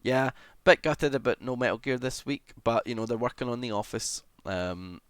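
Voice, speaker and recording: A man streaming live, chatting casually as he reads and answers comments, with sudden excited shouts. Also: medium pitch, moderate pace, clear, resonant tone, no room sound. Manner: chatty, greets viewers, bursts into excited shouts.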